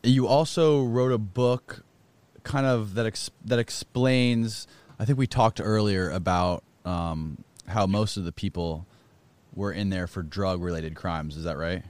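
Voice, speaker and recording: A man's voice: fairly low pitch, measured pace, darkish tone, dry recording. A man hosting an interview, asking hesitant, searching questions. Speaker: podcast host. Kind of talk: conversational interview.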